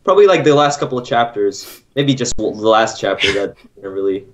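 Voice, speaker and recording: A woman's voice: very deep voice, expressive, fairly quick. A woman on a casual manga podcast call, talking hesitantly with many restarts. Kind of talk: casual group chat over a call.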